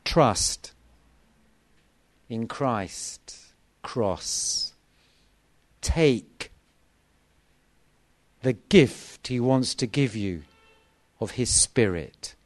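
A man's voice: medium pitch, lively intonation, extremely slow, long pauses. A middle-aged man preaching a sermon to a gathering, with an emphatic delivery full of repetition.

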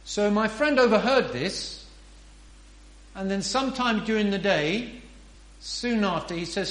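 A man's voice: high-pitched, a little slow, pauses often, a bit bright. A man preaching a sermon in an earnest, emphatic way, often asking rhetorical questions. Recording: roomy echo.

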